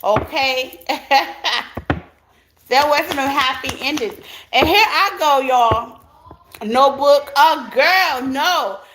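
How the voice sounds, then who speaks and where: A woman's voice: high-pitched, slow pace, pauses often. A woman giving a casual tarot reading to her viewers, chatty and laughing often as she talks straight to them. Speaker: tarot reader. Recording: clear background noise.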